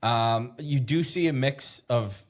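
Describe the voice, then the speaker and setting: A man's voice: medium pitch, slow pace. A man, a chef guest in a casual interview, explaining things as he thinks aloud, with small restarts along the way.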